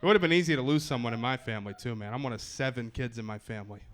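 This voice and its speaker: A man's voice: medium pitch, rapid-fire, fairly bright tone. A young man performing a stand-up comedy set in a wry, self-deprecating way on a club stage.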